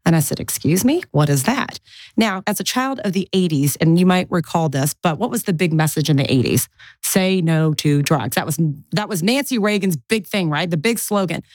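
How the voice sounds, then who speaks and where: A woman in her forties, a guest in an interview, chatting and telling animated stories from her life. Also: fairly low pitch, moderate pace, no echo. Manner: chatty, animated, mimics family voices in anecdotes. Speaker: guest, real estate investor. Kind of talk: casual interview storytelling.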